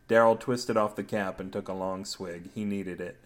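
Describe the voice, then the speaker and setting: A man's voice: sits low, steady tone, normal speed, hardly any pauses. A man narrates a comic story on his own podcast, tossing off silly asides between scenes. His delivery is playful and loose. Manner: playful, absurd wordplay. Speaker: podcast host and story reader.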